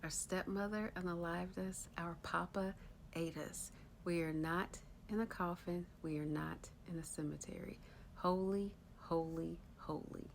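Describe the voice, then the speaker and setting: A woman's voice: fairly low pitch, fairly even intonation, unhurried, creaky, a little hiss or hum. A woman voicing the eerie chant of ghostly children's bones, sinking to a whisper.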